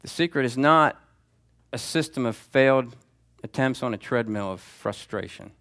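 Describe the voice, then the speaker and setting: A man's voice: mid-range voice, moderate pace, a bit bright. A man preaching a sermon as pastor, in a conversational, emphatic style that repeats key phrases.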